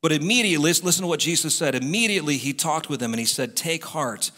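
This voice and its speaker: Man, pastor, fervent sermon, bright voice, long church reverb. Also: fairly high pitch, expressive, racing. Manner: impassioned, repetitive exhortations, talks straight to the congregation.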